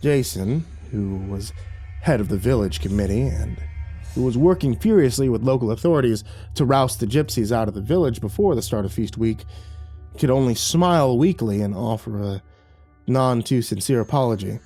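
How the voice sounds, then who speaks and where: A man reading a horror story aloud as narrator in a measured storytelling manner. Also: medium pitch, warm tone, faint music behind.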